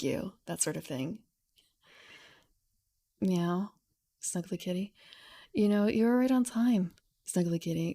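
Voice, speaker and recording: A young woman streamer reading a game rulebook aloud at home into a studio mic, softly and half-whispered, with chatty asides. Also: fairly low pitch, creaky, husky. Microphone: studio mic with pop filter.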